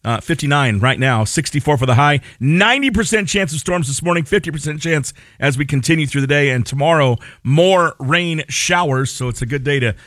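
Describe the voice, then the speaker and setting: A man's voice: a little high, lively intonation, brisk, hardly any pauses, fairly bright tone, no echo. Man, radio morning host, rambling, self-deprecating, lots of ums, dry close studio sound. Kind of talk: casual radio banter and announcements.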